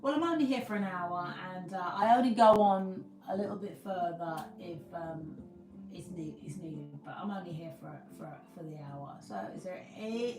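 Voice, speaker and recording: A woman's voice: lowish voice, recorded from a distance. A woman from the UK talks casually to her livestream viewers, rambling and restarting her sentences as she goes. She sits a little away from the microphone in an echoey room, with faint music playing behind her. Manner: chatty, rambling, restarts often. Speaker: livestream host. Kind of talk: casual live chat with viewers. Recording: roomy, from the mic, faint music.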